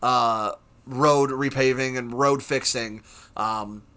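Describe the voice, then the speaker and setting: A man's voice: medium pitch, steady tone, slow, bright, forceful tone. A man on a podcast in casual chat, rambling with lots of fillers. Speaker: podcast guest.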